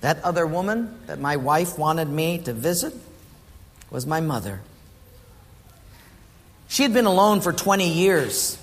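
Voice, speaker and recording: A man's voice: a little high, big-room sound. A man preaching a sermon in a conversational way and putting questions to the congregation. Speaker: pastor.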